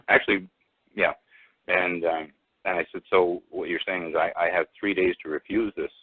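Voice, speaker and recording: Very deep man on a tinny phone line. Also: no room sound. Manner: halting, many restarts and fillers. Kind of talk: rambling personal story.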